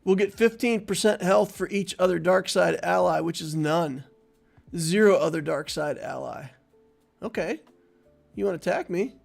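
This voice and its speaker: A man's voice: high voice, normal speed, gravelly, soft background music. A man giving casual live-stream commentary on a game, chatting playfully with viewers and laughing easily. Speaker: gaming streamer.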